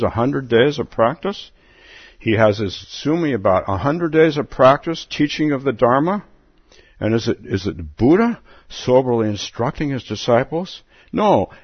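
A man giving a relaxed dharma talk as a Zen teacher, chuckling often and repeating words as he goes. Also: mid-range voice, breathy edge, no echo. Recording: dull lo-fi dry recording.

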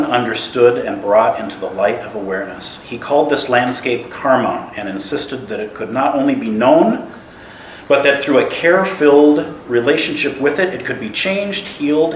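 A man giving an animated, playful dharma talk as a Zen teacher, laughing often. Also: mid-range voice, slight background noise. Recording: echoey room, mic at a distance.

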